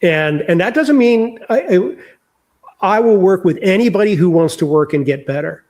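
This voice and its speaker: Candid older man, fairly high voice. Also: expressive, normal speed, a little mellow. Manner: candid, reflective storytelling. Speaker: author guest. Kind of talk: candid interview conversation.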